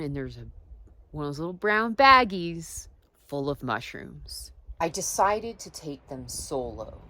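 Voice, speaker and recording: A woman telling personal stories in a casual, reflective vlog. She drifts between soft asides and emphatic points. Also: extremely low pitch. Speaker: wellness vlogger.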